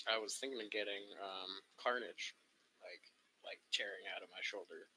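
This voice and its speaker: A man's voice: low-pitched, moderate pace, bright, forceful tone, poor audio. A young man chatting casually as a co-host, rambling with many ums and restarts. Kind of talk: casual chat. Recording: faint background noise.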